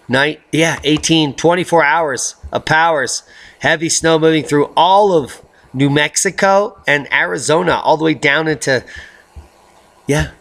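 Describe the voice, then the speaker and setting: Middle-aged male vlog host; unhurried, slow delivery, bright voice, rhyming quips. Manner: jokey, rhyming asides, theatrical swings into high baby talk. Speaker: video blogger host. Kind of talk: rambling weather commentary vlog.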